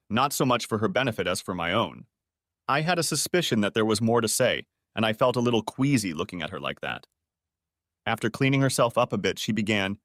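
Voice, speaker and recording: A man reading a first-person story aloud as a narrator, steady and measured. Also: on the low side, no room sound, clean studio sound.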